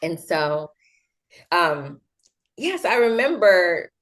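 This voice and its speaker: A young adult woman, guest on a relaxed interview, draws out her words in a lowish voice. She's animated, packs her story with fillers, and performs the voices of the other people involved.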